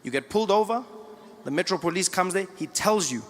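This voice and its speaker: A man from South Africa with a South African accent, doing stand-up with animated storytelling. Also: high-pitched, brisk, in a large hall, slight background noise. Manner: animated storytelling, acting out scenes. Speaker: stand-up comedian. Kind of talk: stand-up comedy. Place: comedy stage before an audience.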